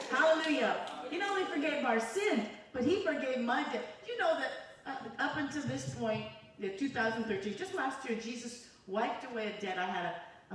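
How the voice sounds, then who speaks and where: Woman preaching in an echoey church. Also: sits high. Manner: conversational preaching with call-and-response asides. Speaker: evangelist preacher. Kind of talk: sermon with testimony. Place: church sanctuary. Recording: echoey church filmed from far off. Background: congregation audible.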